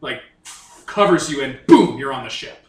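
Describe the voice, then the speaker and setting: A man running a tabletop game as game master, rambling and excitable with lots of fillers. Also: medium pitch, normal speed. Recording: echoey room.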